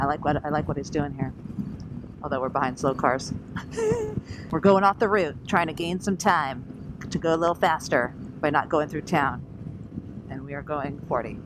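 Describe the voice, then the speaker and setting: A chatty woman with a low voice narrates a casual storytelling vlog while on a scooter ride on the open road. Animated and laughing, she acts out quotes, as wind and engine noise fill the background.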